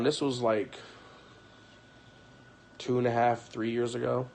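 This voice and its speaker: A man's voice: mid-range voice, steady tone, measured pace, gravelly, a little mellow. Man telling a story on a stream. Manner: rambling, frequent fillers, acts out quoted voices. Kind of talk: casual personal storytelling on a livestream.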